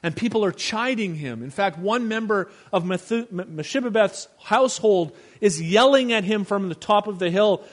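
Preaching man, swinging soft to loud. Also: high-pitched, normal speed, hardly any pauses. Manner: preaching with swings between hushed and emphatic delivery. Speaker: pastor. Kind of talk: sermon.

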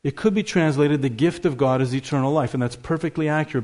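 A male pastor preaching a sermon in church, earnest, slowing down and repeating key phrases for stress. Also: a little high, a little mellow.

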